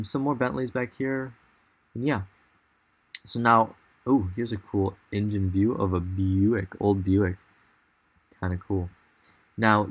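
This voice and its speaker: A young man casually narrating a virtual dealership tour, enthusiastic and loose, thinking aloud as he goes. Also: fairly low pitch. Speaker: car vlogger.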